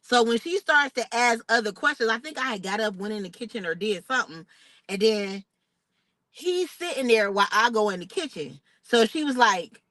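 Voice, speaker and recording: A young woman, telling a personal story in a casual vlog, animated and expressive. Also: fairly high pitch, normal speed, dry recording, poor audio. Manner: animated, expressive retelling with outraged quoted asides. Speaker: vlogger.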